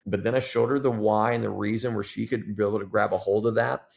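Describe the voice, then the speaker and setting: Gravelly-voiced man telling a church story. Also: fairly low pitch, fast talker. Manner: animated storyteller who acts out dialogue. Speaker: pastor. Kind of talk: storytelling interview guest.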